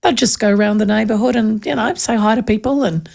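A woman's voice: fairly high pitch, fast, gravelly, few pauses, darkish tone. A woman hosting a breakfast radio show, chatting and telling stories with frequent laughs. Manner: chatty, storytelling, laughs often. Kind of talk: casual on-air chat.

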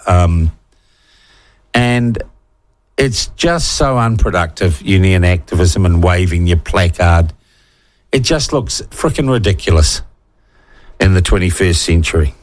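A man's voice: deep voice, animated, unhurried. A man with a New Zealand accent hosting talkback radio, reading listener texts and giving blunt, opinionated, sarcastic takes. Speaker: radio talk show host.

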